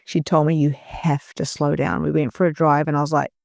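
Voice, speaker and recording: A woman's voice: low voice, little pitch movement, brisk, creaky, a little mellow, no room sound, clean studio sound. A middle-aged woman, a guest on a podcast, telling a personal story in an earnest, emotional way with frequent restarts. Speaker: podcast guest, spiritual mentor.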